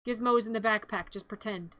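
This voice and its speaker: A woman's voice: mid-range voice, brisk, pushed and bright. A woman streamer retelling a film as a comedy bit, playful and rambling, with frequent asides.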